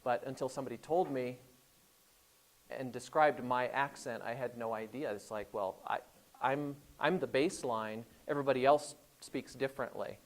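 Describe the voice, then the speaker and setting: A man speaking as a guest lecturer to a class, casual and halting with restarts. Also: medium pitch. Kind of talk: classroom talk.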